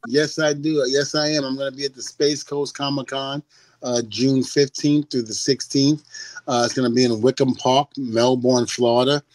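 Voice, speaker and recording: An older man chats as a podcast guest, animated and quick to laugh, swearing as he goes. His voice sits at a middle pitch. The sound is dry and close. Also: dry recording. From United States. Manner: animated storyteller who laughs often and swears freely. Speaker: guest, former wrestler. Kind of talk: casual podcast chat.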